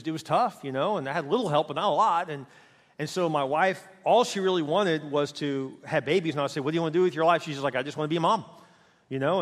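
A middle-aged male pastor preaching with passion, his fairly high voice leaping from loud, quick bursts to hushed, slow lines. The sound carries a long hall reverb around him. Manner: passionate preaching with big swings in loudness and pace. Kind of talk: sermon.

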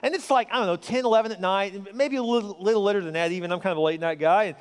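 A male pastor with a very high voice tells stories from the pulpit and keeps asking his listeners questions. His speech is conversational. It rings out with a long reverb, as in a large church hall. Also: very fast, smooth. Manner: storytelling, conversational, asks the crowd questions. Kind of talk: sermon.

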